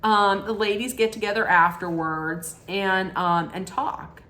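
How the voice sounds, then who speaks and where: A woman chats through a reality show recap at an unhurried, drawling pace. Her tone is sassy and gossipy, loose with fillers and asides, as if talking to friends from her home. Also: medium pitch, steady tone, pushed and bright. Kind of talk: casual chatty recap.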